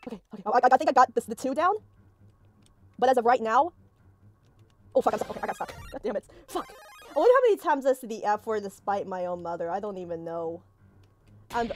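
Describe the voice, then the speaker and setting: Panicky high-voiced woman gamer, swearing. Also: a little mellow. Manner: panicked, swearing, yelping at the chaser. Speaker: gaming streamer. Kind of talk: let's play commentary. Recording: faint game music behind.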